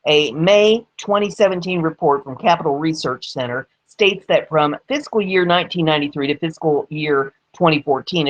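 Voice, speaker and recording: A woman's voice: low voice, highs cut off. A woman hosting an online news commentary show. She reads each article aloud, then adds sarcastic, pointed remarks and leans hard on key words.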